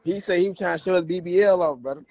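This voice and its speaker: A man's voice: high voice, rapid-fire, creaky, darkish tone, no echo. A man with a Chicago accent in rowdy livestream banter, rambling in slang between laughs.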